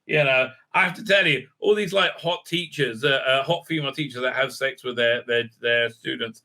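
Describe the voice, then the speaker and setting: A man's voice: mid-range voice, moderate pace, bright, forceful tone. A man hosting a casual recap and review, rambling with many fillers and restarts and acting out the characters' lines. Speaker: host.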